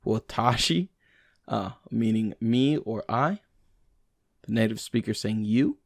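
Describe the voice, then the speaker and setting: A man, a native English speaker, reading language lesson notes aloud to himself, slowing down over examples. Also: fairly low pitch, gravelly, a little mellow, dry recording, clean studio sound. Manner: reads text aloud with fillers and restarts, slow over examples.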